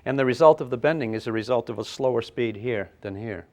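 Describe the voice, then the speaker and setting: An older man teaching a physics class, lively and playful, with sound effects and acted asides. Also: mid-range voice, fast talker. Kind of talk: classroom lecture at a whiteboard.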